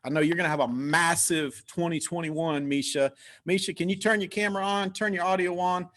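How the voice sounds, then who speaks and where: A man's voice: on the high side, steady tone, brisk, a bit bright, a little hiss or hum. A man hosting a company video call, cheering his team on by name with lots of energy. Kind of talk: upbeat motivational team call.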